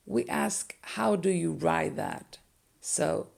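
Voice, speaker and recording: A young woman whose first language is Spanish teaches everyday phrases at a very slow, deliberate pace. Her voice is low and gravelly with strong fry, and she repeats every example patiently so a learner can follow. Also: animated, darkish tone.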